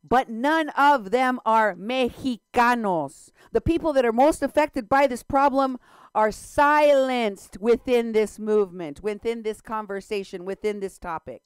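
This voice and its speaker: Woman hosting talk radio, fired up and emphatic, smooth clear voice, dead dry studio sound. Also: a little high, dry recording. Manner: impassioned, emphatic. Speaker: radio show co-host.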